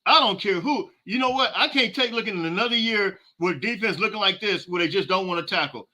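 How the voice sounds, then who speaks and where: Podcast host, male, high-pitched and piercingly bright, ranting in casual slang. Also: brisk. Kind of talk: live halftime reaction with viewer comments.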